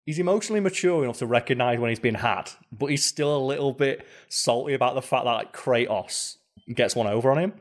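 Animated man co-hosting a casual chat. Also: medium pitch. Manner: animated, quick to act out quoted lines in snippets. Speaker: podcast co-host. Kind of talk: casual chat about video games.

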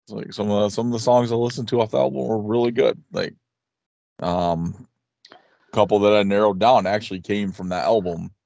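Low gravelly male podcast co-host, rambling and crude. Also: steady tone, fairly quick, a little mellow, no echo, studio quality. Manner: rambling storyteller, crude jokes. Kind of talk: casual podcast chat.

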